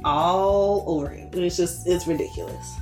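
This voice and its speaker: A woman co-hosting a casual anime chat, animated and acting out scenes as she talks. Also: on the low side, unhurried. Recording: roomy echo, faint music.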